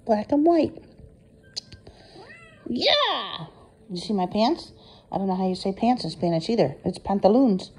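A woman cat sitter talking softly to a cat, cooing and half-whispering, sprinkling in Spanish words, recorded on a phone at home. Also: mid-range voice, very animated, a little slow, pauses often, slightly rough, poor audio. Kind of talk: affectionate talk to a cat.

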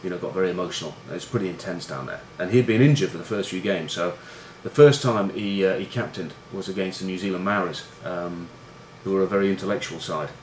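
A man's voice: low-pitched, fast talker, few pauses. A middle-aged man, a former rugby player, telling stories casually, self-deprecating and swearing, with lots of fillers. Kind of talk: casual storytelling. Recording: roomy room echo with faint noise.

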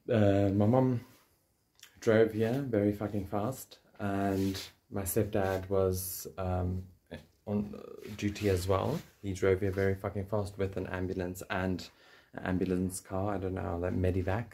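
A man's voice: low-pitched, unhurried, a little hiss or hum. A man with a South African English accent tells a personal story to the camera in a casual vlog, joking and swearing as he goes. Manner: swearing, joking, animated retelling. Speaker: vlogger.

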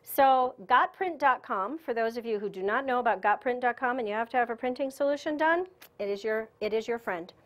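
A woman giving a spiritual lecture at a conference, telling a personal story in a chatty, animated way and laughing often. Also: on the high side, a little fast. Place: conference room.

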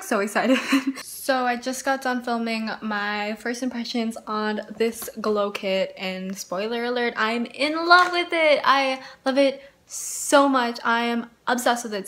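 A young woman vlogging casually from her bedroom, bubbly and gushing with excitement, into a camera mic. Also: a little high. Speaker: beauty vlogger. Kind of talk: casual vlog chat.

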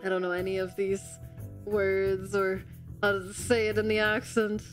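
A woman streamer reading a role-playing game aloud and chatting in a playful, self-deprecating way. Her voice is mid-pitched, with faint game music running underneath. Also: level tone, unhurried.

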